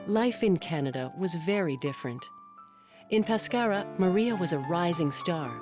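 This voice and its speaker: A woman narrating a documentary in a measured, scripted delivery. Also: on the low side, expressive. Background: music.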